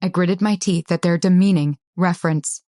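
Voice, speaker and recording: Brief: woman narrator, lowish voice, tense and measured, dry studio read. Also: steady tone, mellow, no echo. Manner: tense, measured first-person storytelling. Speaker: audiobook narrator. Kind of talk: scripted audiobook narration.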